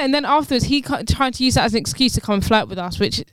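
A woman's voice: fairly high pitch, expressive, racing, no room sound, clean studio sound. A young woman chatting casually and bluntly, swearing freely as she tells a story. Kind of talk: casual chat.

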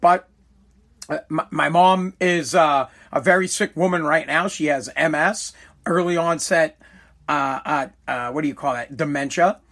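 A man's voice: on the high side, unhurried, fairly bright tone. A man hosting his own podcast alone, rambling casually, swearing and correcting himself as he goes. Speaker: podcast host. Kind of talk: casual solo podcast rant. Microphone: streaming live mic.

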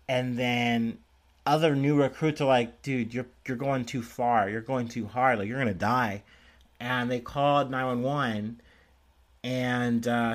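A man's voice: mid-range voice, a bit bright. A young man hosts a casual podcast and reads news stories aloud. He rambles, restarts his sentences, and drops in swear words. He often laughs at himself as he talks. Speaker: podcast host.

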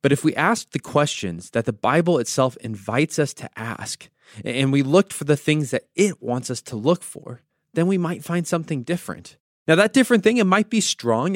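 A man's voice: on the high side, expressive, normal speed, dry recording, studio quality. A man from the United States, a pastor hosting a devotional podcast, teaching through conversational storytelling with wry asides.

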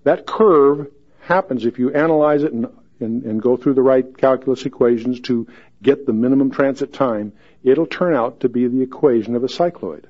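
A man's voice: mid-range voice, normal speed, highs cut off. Folksy joking man teaching scripture. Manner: folksy and joking, reads scripture with rising emphasis. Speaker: Bible teacher. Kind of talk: verse-by-verse Bible teaching.

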